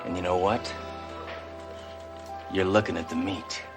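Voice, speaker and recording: A deadpan wisecracking cop. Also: male voice, low-pitched, measured pace. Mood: smug. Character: brash tough-guy male cop, deadpan wisecracking. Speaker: police detective. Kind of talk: sitcom acting. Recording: TV soundtrack with music behind.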